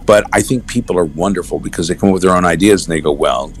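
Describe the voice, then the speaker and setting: A middle-aged man, a voice actor, chatting as a guest in an interview and telling stories with animated asides. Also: sits low, slight background noise. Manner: animated storyteller, slips into quick character voices. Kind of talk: casual interview chat.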